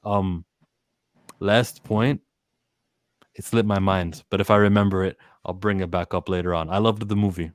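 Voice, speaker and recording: A man's voice: sits low, normal speed, long pauses, no room sound, clean studio sound. A man talking casually and with energy about a film, often acting out lines from its scenes. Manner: animated, acts out quotes from scenes. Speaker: podcast guest. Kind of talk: casual movie discussion.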